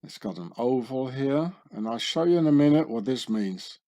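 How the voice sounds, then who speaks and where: With a warm, mid-range voice, lively intonation, and normal speed, a man narrates screen-share commentary on his own channel. He goes through the images sardonically and conspiratorially, often finishing lines with questions.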